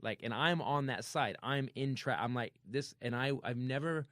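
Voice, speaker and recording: A man hosting a comedy podcast, telling a story in a casual, animated way and acting out sound effects. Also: mid-range voice, moderate pace, dry recording. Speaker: podcast host.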